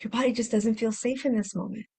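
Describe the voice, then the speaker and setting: Woman giving a soft, reflective self-help talk. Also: on the high side, fairly even intonation, fast, husky. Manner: repeats phrases, acts out inner voices with sighs. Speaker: podcast host and healing coach.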